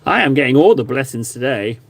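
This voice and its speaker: Painting miniatures on a live stream, a man chats and jokes with his viewers in a chatty, mock-grovelling way. He talks fairly quickly at medium pitch with lively intonation, captured on a phone camera.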